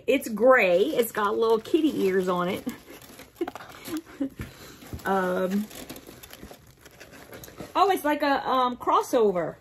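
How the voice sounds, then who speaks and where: A woman's voice: medium pitch, creaky, a little hiss or hum. A woman hosting a casual unboxing video, cooing playfully at her cat and laughing often. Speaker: vlog host.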